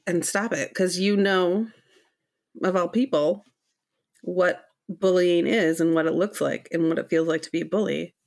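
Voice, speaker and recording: A woman's voice: lowish voice, fairly even intonation, normal speed, gravelly, darkish tone. A woman co-hosting a casual advice podcast, giving firm, supportive advice and reading listener letters. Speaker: podcast co-host.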